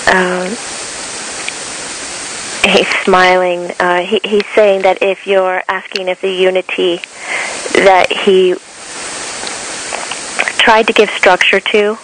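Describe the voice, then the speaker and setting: A woman acting as a medium, who passes on answers in a slow, halting, conversational way. Her pitch sits in a middle range. A faint hiss runs under the recording. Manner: describes what she sees, relaying in a slow, halting way. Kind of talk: casual chat.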